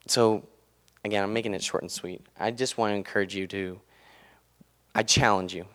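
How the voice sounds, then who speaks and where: A young man in his twenties giving an earnest, casual sermon talk, loose and full of fillers. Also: lowish voice. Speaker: student speaker giving a devotional.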